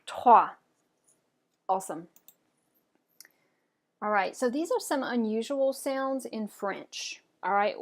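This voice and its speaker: Woman, language teacher, clear modelling, encouraging, repeat-after-me lesson, mid pitch. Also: a little mellow. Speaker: French teacher. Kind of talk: pronunciation lesson.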